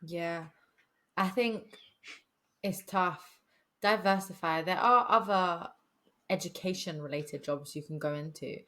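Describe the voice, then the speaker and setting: A woman's voice: on the low side, slow pace, long pauses, a bit bright. Chatty young woman co-hosting. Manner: chatty, slangy, laughs often. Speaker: podcast co-host. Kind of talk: casual chat.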